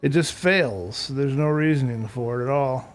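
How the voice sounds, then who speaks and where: A man's voice: medium pitch, moderate pace. A man chatting casually to viewers during a live game stream, talking to himself and grumbling mildly about technical glitches. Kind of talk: casual live-stream chat while gaming.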